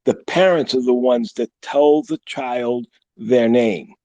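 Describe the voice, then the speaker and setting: Pastor guy calling in, mellow warm voice, slow preachy way of explaining. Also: mid-range voice, muffled recording. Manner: measured, preaching tone, builds his argument step by step. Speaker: pastor, caller.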